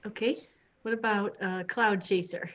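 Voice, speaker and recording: A woman's voice: medium pitch, steady tone, measured pace, fairly bright tone, lo-fi sound. A woman running a tabletop game as game master, easygoing and prompting her players. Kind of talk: casual game narration.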